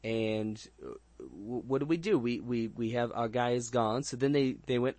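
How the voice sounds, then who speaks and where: A man's voice: mid-range voice, unhurried, a bit bright, dry recording. A man hosting a casual movie review chat, rambling and crude with frequent restarts and jokes. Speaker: podcast host.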